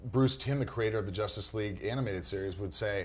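A man, an actor and guest, in casual chat, telling animated stories. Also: fairly low pitch, quick pace. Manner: animated storyteller, slips into impressions.

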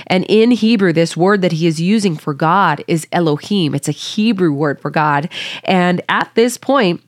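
Woman, lower register, dry close mic, reads scripture then muses casually. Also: no echo. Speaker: Bible study teacher. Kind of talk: Bible reading with commentary.

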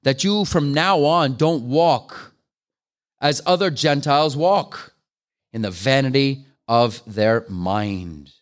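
A man's voice: medium pitch, slow pace. An older man preaching a sermon, earnest and pleading, pressing his listeners with questions that rise into fervent appeals. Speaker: guest preacher.

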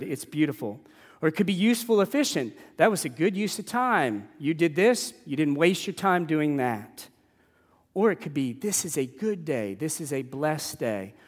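Male pastor, sermon delivery, emphatic repetition, sinks quiet on key words; a touch high, lingering church reverb. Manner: earnest, emphatic repetition, drops low and soft on key words. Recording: long reverb of a church hall.

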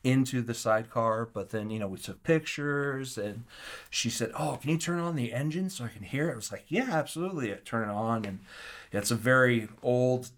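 A man telling a story as an interview guest, animated and acting out the quotes, with frequent restarts. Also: medium pitch, brisk. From Kansas City area.

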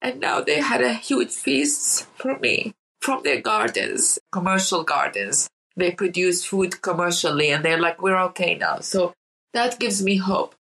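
A woman's voice: fairly low pitch, lively intonation, a little slow, creaky, fairly bright tone, breathy edge, poor audio. A woman from Iraq, an interview guest telling emotional stories and repeating words for emphasis. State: emotional, near tears. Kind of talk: emotional storytelling in conversation.

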